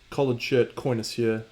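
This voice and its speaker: A man's voice: mid-range voice, darkish tone. A man with an Australian accent, casually chatting to viewers on his stream while painting, joking and mock-boastful, swearing freely.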